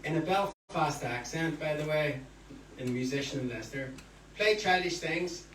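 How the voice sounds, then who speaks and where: A man's voice: medium pitch, steady tone, fairly quick, a little hiss or hum. Man, middle-aged singer-songwriter, easygoing stage banter, laughing, distant mic, roomy echo. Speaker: singer-songwriter performing live. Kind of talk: chatty banter between songs. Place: barn concert venue, indoors. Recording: echoey live room, distant mic, guitar. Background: acoustic guitar.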